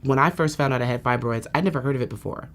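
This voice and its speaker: A woman's voice: very deep voice, rapid-fire. A woman patient telling her treatment story candidly, with lots of "you know" fillers. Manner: self-described dramatic storyteller. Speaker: patient giving a testimonial. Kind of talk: candid testimonial interview.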